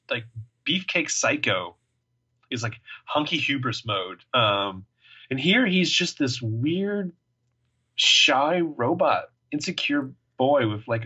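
A man co-hosting a podcast, chatting casually, quipping and rambling through plenty of fillers. His voice has a bright, forward edge, and the recording sounds dull and lo-fi. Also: mid-range voice, big pitch swings, measured pace, husky. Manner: joking, rambling, lots of fillers. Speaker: podcast co-host. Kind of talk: casual chat.

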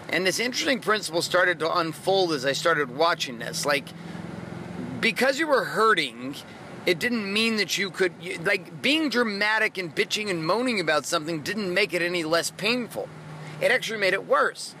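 Bright, blunt, profane motivational man. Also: high-pitched, lively intonation, normal speed, a little hiss or hum. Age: 30s. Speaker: podcast host, coach. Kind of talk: motivational monologue.

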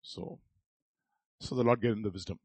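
A middle-aged pastor with an Indian Telugu accent delivers a storytelling sermon. His voice is slightly husky, and the sound is close and dry. He slips into quoted voices and swells to forceful emphasis. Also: on the low side, normal speed, no echo. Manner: storytelling with acted quotes and chuckles, rising to emphatic peaks.

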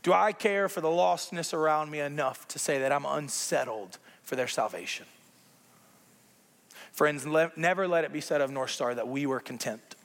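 A man preaching a sermon as pastor, conversational and animated, with playful asides to the congregation. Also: a little high, normal speed, gravelly, big-room sound.

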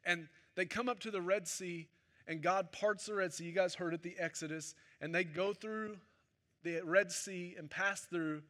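Bright, high-voiced man preaching a sermon. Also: steady tone, normal speed. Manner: conversational, joking with the congregation. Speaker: pastor.

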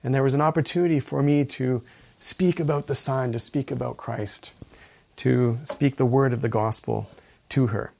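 A man preaching a sermon as a pastor, earnest, reading scripture aloud with rising emphasis and slow, deliberate pauses. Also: medium pitch, fairly even intonation, vocal fry, a little mellow.

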